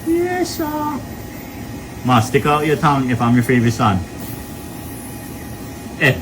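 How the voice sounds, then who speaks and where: A man's voice: mid-range voice, fairly even intonation, normal speed. A man, joking with his mother in a casual home video, teasing, laughing often and swearing playfully. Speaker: vlogger caring for his mother. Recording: noisy home video ambience.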